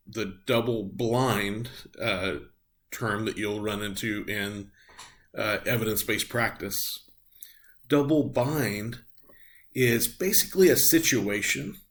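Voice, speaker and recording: A middle-aged man, a nursing instructor, gives a recorded lecture, walking through the material step by step with frequent ums and uhs. His voice is on the low side with a fairly bright tone.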